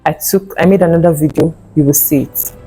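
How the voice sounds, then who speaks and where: A woman's voice: deep voice, fairly quick, music in the background, low-quality recording. Earnest woman telling a personal story. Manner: earnest, emotional retelling with acted quotes. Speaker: vlogger sharing a fertility testimony.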